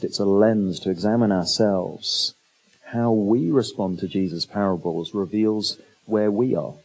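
In a low-quality recording, a man gives a conversational expository sermon, questioning his listeners rhetorically and dropping in humorous asides. He speaks in a lowish, slightly rough voice with a darkish tone.

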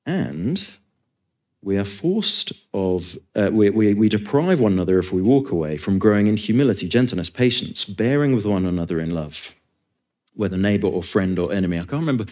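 A man's voice: fairly low pitch, expressive, fairly quick, darkish tone. A man preaching a sermon, earnest and emphatic, with conversational asides.

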